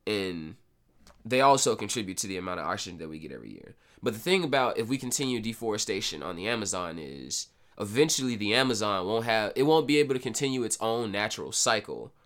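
A man with a somewhat low voice talks through history on a casual podcast. He corrects himself often and slips in dry, sarcastic asides. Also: very animated, quick pace, fairly bright tone. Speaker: podcast host. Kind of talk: casual educational podcast talk.

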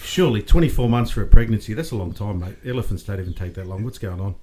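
A man's voice: lowish voice, lively intonation, fast, dark tone. An Australian man in his forties, a podcast guest, telling stories in casual, bantering chat. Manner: bantering storyteller, says mate a lot.

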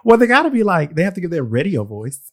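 A man's voice: high voice, big pitch swings, fast talker, crowd noise. A man co-hosting a podcast, giggly and teasing in casual chat. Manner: giggly, teasing, laughs between words. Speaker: podcast co-host.

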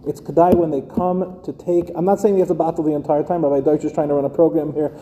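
A middle-aged man gives a live lecture as a rabbi, speaking casually and throwing rhetorical questions at the room. His voice is somewhat high yet dark and mellow. A long reverb hangs on every word, as in a lecture hall. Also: flat delivery, fast talker. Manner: conversational, addresses listeners directly with rhetorical questions. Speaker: rabbi teaching educators.

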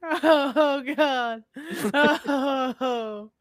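Slow-talking giggly podcast guy. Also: very high-pitched, dry recording, clean studio sound. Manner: giggly, loose and rambling. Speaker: podcast co-host. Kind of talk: casual chat.

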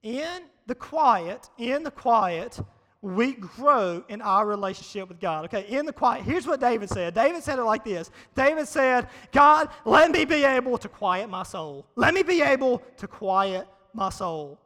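A man preaches in a big hall, and his voice rings out with long reverb. It sits very high for a man and sounds bright and forceful. He talks to the crowd in a loose, joking way and repeats his lines to drive them home. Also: moderate pace, few pauses. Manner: energetic, conversational, repeats phrases for emphasis. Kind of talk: casual, humorous sermon. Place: large hall before a live audience.

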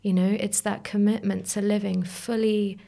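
A woman appears as a guest on a podcast, speaking in a mid-range, creaky, mellow voice with a level tone at normal speed. The conversation is reflective; she muses and searches for words, sometimes dropping to a whisper.

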